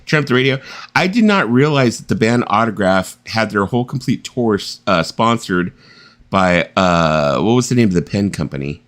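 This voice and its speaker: With a voice on the low side and a normal speaking speed, this host runs a relaxed late-night live-stream chat. He's animated, cracks jokes, and laughs a lot.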